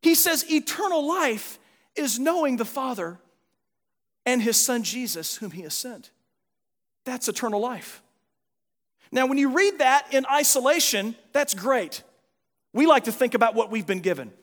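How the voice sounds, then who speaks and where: A male pastor preaching a sermon, earnest, moving from animated emphasis to quiet, soft reflection. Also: extremely high pitch, moderate pace. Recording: long hall reverb.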